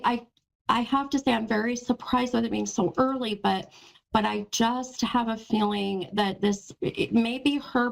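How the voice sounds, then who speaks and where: Psychic lady on a call-in show, super gravelly voice, soft and reassuring, keeps saying hun. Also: medium pitch, poor audio. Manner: gentle, reassuring, calls the caller hun and sweetheart. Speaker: psychic medium host. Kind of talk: live call-in psychic reading.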